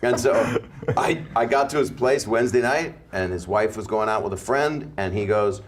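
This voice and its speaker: A middle-aged man with a lowish voice tells a story in a relaxed chat, slipping into the voices of the people he quotes. A faint hiss sits under his speech. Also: moderate pace. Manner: animated anecdote telling, acts out quoted voices.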